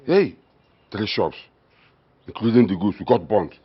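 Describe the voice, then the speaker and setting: A man's voice: lowish voice, expressive, a little slow, husky. An actor with a Nigerian accent playing a scornful, stubborn middle-aged father who mocks and gives orders. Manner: mocking, dismissive, orders people about. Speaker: father of the household. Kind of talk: Nollywood film drama. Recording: dull film audio with music behind.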